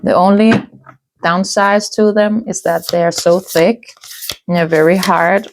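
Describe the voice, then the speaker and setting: A woman giving a casual tarot reading, musing aloud with soft hums and restarts as she turns the cards. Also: on the low side, steady tone, unhurried, noisy background. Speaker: tarot reader.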